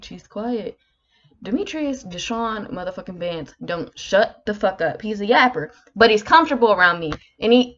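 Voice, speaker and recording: Young woman in her 20s just chatting on her podcast, cusses nonstop, kinda muffled lo-fi audio. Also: on the low side. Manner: swears constantly, candid and animated. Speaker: podcast host. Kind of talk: casual solo podcast chat. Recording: slightly muffled lo-fi recording.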